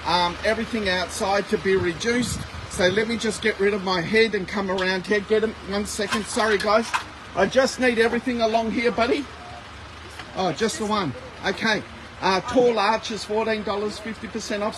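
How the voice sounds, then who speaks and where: A man with a very high voice hosts a live shopping stream from a warehouse yard. He chats to viewers and rattles off discounted prices. The phone recording is noisy with wind and outdoor ambience. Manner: rapid price-calling, chatty with viewers. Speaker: livestream sale host.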